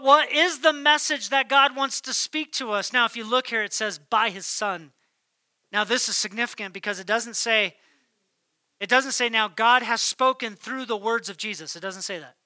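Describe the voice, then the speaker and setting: A male pastor delivers a sermon in a high, strikingly bright voice, recorded close and dry. He drives his points with emphasis, then drops almost to a whisper. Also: moderate pace, pauses often, dry recording. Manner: emphatic, swings between loud declarations and hushed near-whispers. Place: church.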